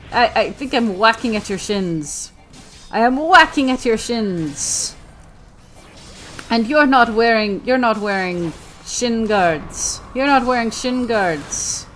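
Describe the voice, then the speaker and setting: A woman's voice: mid-range voice, fairly bright tone. A woman doing let's play commentary in character, playful and theatrical, often repeating her own lines.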